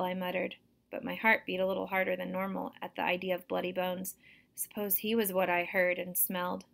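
A woman's voice: fairly low pitch, completely flat delivery, brisk, vocal fry, a bit bright. Woman reading a novel aloud. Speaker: teacher reading to students.

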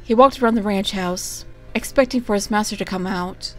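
A woman narrating a fan fiction reading in a steady, plain storytelling manner. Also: mid-range voice, moderate pace.

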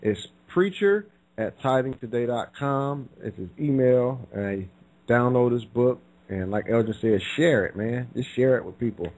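A man's voice: medium pitch, lively intonation, unhurried, a little mellow, poor audio. A man co-hosting a faith radio talk show, talking in a laid-back, conversational way.

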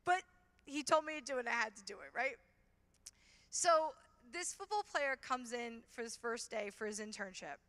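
An animated woman telling stories at a conference, full of fillers and quick restarts. Her voice is high and bright. A long reverb trails after her words in a large hall. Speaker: conference speaker. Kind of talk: storytelling conference talk.

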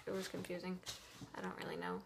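A tired young woman venting in a casual vlog, talking quietly, often half-whispered, rambling and frustrated. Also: fairly low pitch, big pitch swings, fast, gravelly, background noise. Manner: hushed, half-whispered talk. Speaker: vlogger.

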